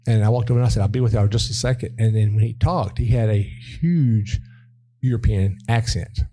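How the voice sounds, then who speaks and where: A man's voice: on the low side, brisk, dark tone. A man telling stories in a casual podcast chat, repeating words and laughing easily. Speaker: podcast guest, winery worker.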